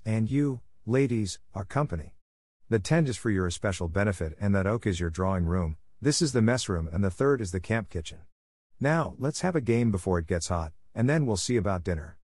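A man doing a lively teenage boy host. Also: on the low side, a little fast, no echo, clean studio sound. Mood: cheerful.

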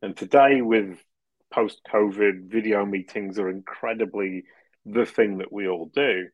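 Low-voiced man, lively explainer. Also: unhurried, no room sound, dull audio. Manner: animated, laughs often, restarts phrases; explanatory, talks in long runs. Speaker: podcast guest. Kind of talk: casual interview chat.

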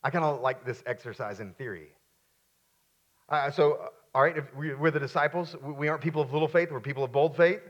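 A man preaching with conviction, his voice sitting a little higher than most men's. He hammers his main points through repetition, then slips into softer, offhand asides as he retells a story. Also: fairly quick, dull audio. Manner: emphatic preaching, repeats key phrases, drops to quiet asides. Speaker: pastor. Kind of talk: sermon.

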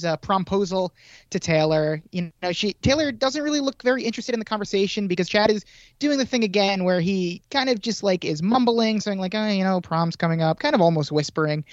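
Man, medium pitch, jokey podcast co-host, dull dry lo-fi mic. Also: no echo. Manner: laughs easily, jokey. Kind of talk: casual film recap chat.

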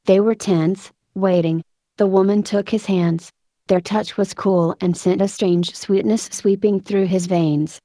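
A woman narrating an audiobook in a measured, lyrical storytelling manner. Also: mid-range voice, fairly even intonation, warm tone, no room sound. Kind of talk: scripted narration.

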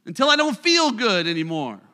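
A middle-aged male pastor preaching a sermon in a church, swinging from loud declarations to hushed asides. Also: high-pitched, big pitch swings, brisk. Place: church sanctuary. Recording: live church recording with long hall reverb.

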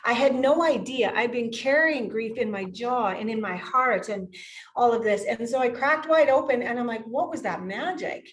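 A woman in her fifties, a yoga studio owner and teacher, shares personal stories on a podcast interview with emotional, effusive energy and lots of laughter. Her voice sits slightly high with lively intonation at a normal pace, and the recording quality is low.

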